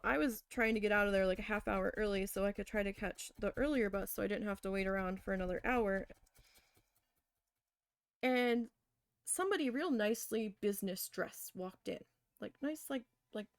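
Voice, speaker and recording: A woman's voice: mid-range voice, vocal fry, smooth, no room sound. Chatty woman telling a story, dry close mic. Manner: chatty, lots of fillers, quotes herself animatedly. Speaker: crafting vlogger. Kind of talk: casual storytelling while crafting.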